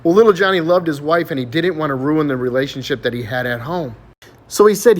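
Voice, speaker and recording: A man telling jokes in a loose, casual way, his slightly high voice swooping up and down as he builds to each punchline. He is animated and chuckles at his own gags. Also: fairly quick. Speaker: joke teller.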